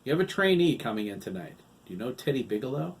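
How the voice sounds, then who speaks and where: A man voicing a moody old farmer in an audiobook, calm and then suddenly sharp. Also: medium pitch, quick pace, pitched above the performer's own voice, rough recording.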